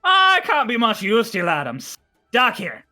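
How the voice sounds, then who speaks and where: A man's voice: high voice, huge pitch swings, unhurried, bright, forceful tone, faint music behind, voice pushed up, full character voice. A man voicing a cheerful old male pirate who uses a wheelchair, with a jolly, exclaiming manner.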